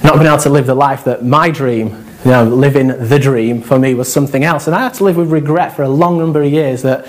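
Man preaching a lively sermon. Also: mid-range voice, a little fast, few pauses, poor audio. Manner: conversational, animated, with laughs and asides.

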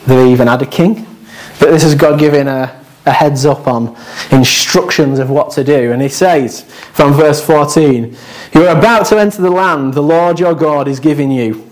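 A man preaching a sermon in a chatty, self-deprecating way with lively asides. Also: mid-range voice.

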